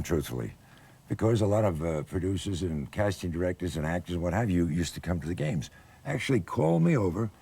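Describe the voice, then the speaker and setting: A man's voice: lowish voice, husky. An older man, a former athlete and actor, telling stories in a conversation and acting out the voices of the people in them. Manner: animated, acts out quoted voices. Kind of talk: storytelling anecdotes in conversation.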